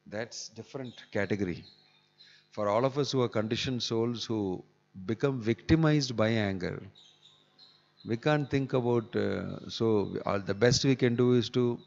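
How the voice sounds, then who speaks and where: Low-voiced man giving a sermon. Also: a little slow, creaky, pauses often, darkish tone. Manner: conversational, chuckling asides, acts out quotes. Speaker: visiting swami giving a scripture class. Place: temple hall. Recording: dull echoey hall recording.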